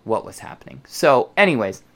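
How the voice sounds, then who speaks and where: A man ranting on his football podcast, swearing freely and mimicking the stiff voices he dislikes. His pitch climbs and falls in lively swings as he talks. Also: brisk, creaky. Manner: profane, animated, mocks others' voices. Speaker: podcast host. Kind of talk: ranting casual talk.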